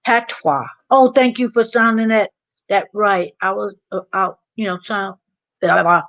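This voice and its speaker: A woman's voice: mid-range voice, normal speed, fairly bright tone. A woman hosting a casual livestream chat with viewers, chatty and laughing often, sounding a little drained. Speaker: livestream host.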